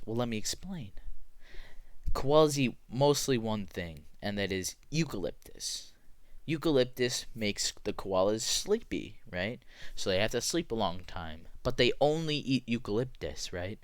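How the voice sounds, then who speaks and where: A young man presenting an animal tier list in a casual, excitable way, often rising into loud mock outrage. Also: on the low side, moderate pace, dry recording. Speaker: student presenter.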